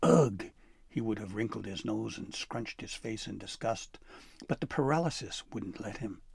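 A man's voice: fairly low pitch, normal speed, vocal fry, husky, dry recording, clean studio sound. A man narrating a storybook expressively, dropping to a whisper for tense moments.

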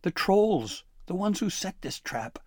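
A man's voice: high voice, sing-song, unhurried, a little mellow, no echo, clean studio sound, voice pushed up, full character voice. A man doing a jittery frightened elf. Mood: frantic pleading. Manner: pleading, fussy, hissing. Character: frightened fretful male elf, small and jittery.

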